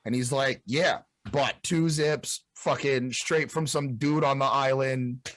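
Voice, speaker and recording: A man's voice: mid-range voice, steady tone, takes it slowly, a bit bright, a little hiss or hum. A young man from Montreal's South Shore, telling a rambling, profane party story as an interview guest. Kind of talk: casual storytelling.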